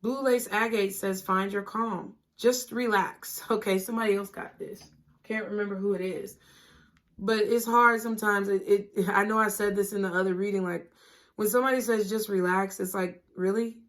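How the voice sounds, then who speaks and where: A woman giving a tarot reading, talking gently and reassuringly and often checking in with "okay?". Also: medium pitch, fairly even intonation, normal speed. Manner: casual, laughing and swearing at times. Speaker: tarot reader.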